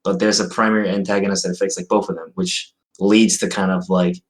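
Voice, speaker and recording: Young man, podcast co-host, low voice, hesitant, filler-heavy casual chat. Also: level tone, a little fast.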